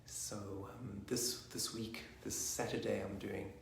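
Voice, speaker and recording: A man leading a guided meditation online, soft-spoken and slipping into whispers at times. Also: on the low side, level tone, slow pace, vocal fry, slight background noise. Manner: rocks forwards and back while chanting. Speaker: meditation teacher. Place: online session from a room. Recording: roomy echo.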